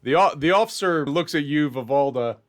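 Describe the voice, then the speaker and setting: A man narrates a tabletop game as its game master. He talks in a measured way, often restarting phrases to set the scene. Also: a little high, lively intonation.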